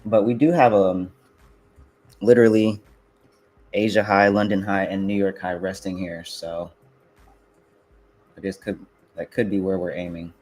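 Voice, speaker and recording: A man's voice: sits low, flat delivery, unhurried, long pauses, a little mellow. A young man trading futures live on stream, talking casually to viewers and swearing, frustrated and muttering to himself. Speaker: livestreaming futures trader.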